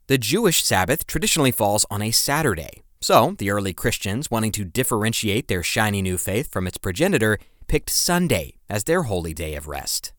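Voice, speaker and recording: A man with a low voice narrates a scripted history podcast, leaning into each phrase with dramatic emphasis and the odd playful aside. The recording is close and dry, with no room around the voice. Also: fairly bright tone, no echo. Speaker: podcast host.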